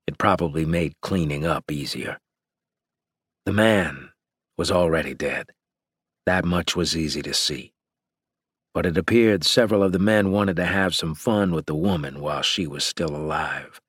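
A man narrating a first-person story in a grim, measured audiobook reading. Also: a bass voice, a bit bright, slightly rough, dry recording, studio quality.

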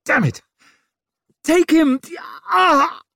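A male narrator voicing a sharp-tongued young mother in labour, gasping and strained with pain. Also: medium pitch, big pitch swings, drawn-out words, slightly rough, dry recording, clean studio sound, voice pushed up, heavily acted.

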